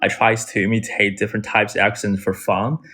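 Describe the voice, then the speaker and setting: A man's voice: fairly low pitch, flat delivery, a little fast, sharp tone, slightly rough. A man whose first language is Chinese, patiently explaining English phrases with frequent restarts. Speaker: English conversation partner. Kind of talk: casual explaining.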